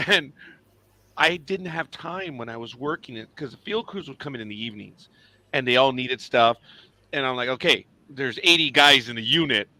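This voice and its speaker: A man's voice: medium pitch, moderate pace, no echo. A man co-hosting a casual podcast chat, telling workplace stories with lots of laughter and acted-out quotes. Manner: animated, laughs often, acts out quoted lines. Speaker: podcast co-host.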